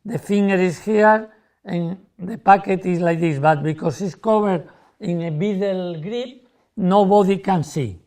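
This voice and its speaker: A man, a magician, explaining a card trick in lively, broken English and acting out how spectators react. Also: high voice, unhurried.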